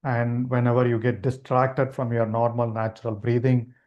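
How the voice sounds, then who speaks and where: A man leading a live online meditation class, explaining gently and unhurriedly with frequent restarts. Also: mid-range voice, little pitch movement, normal speed, muffled recording. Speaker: meditation teacher.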